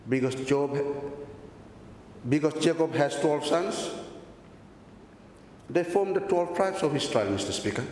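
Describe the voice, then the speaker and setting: A man from the Solomon Islands giving a formal parliamentary speech, repeatedly addressing the Speaker and listing numbered points. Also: a little mellow. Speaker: member of parliament. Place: large parliament chamber. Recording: echoey chamber recording with a faint rumble.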